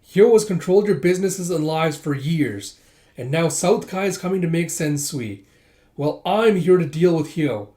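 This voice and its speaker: A man's voice: fairly high pitch, lively intonation, moderate pace, dark tone, voice pushed up, lightly acted. A man voicing a determined young noblewoman from a comic, speaking firmly and urgently as he reads it aloud. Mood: insistent. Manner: firm, blunt and urgent. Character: determined young noble girl rallying merchants.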